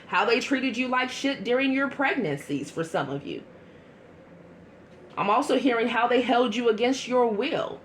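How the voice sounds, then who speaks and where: A woman giving a casual tarot reading to her viewers, chatty and blunt, with quick asides. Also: on the high side, a little hiss or hum. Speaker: tarot reader.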